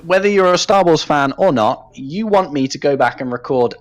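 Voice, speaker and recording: A man casting an esports event chats and jokes with his co-caster in playful banter. His voice sits a little on the high side for a man. He speaks through a headset mic. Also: animated, moderate pace, poor audio. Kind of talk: casual chat between matches.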